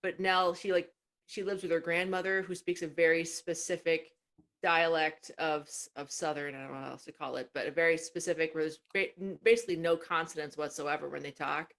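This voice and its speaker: A woman's voice: low-pitched, fairly even intonation, fairly quick, fairly bright tone. A woman co-hosting a podcast, chatting and telling stories, often trailing off mid-thought. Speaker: podcast co-host. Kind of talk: casual chat.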